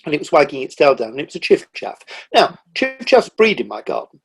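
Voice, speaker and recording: A middle-aged man talks in an easy, conversational way, his voice slightly husky and pitched a little high for a man. He tells enthusiastic, animated stories and slips into lively quoted asides as he speaks. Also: fairly quick. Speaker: guest, nature writer. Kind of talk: casual conversational interview.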